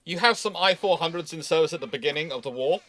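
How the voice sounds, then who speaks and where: A man hosting a live naval history Q&A, chatting casually and thinking aloud with quick restarts. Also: fairly high pitch, fairly bright tone. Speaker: host of a naval history show.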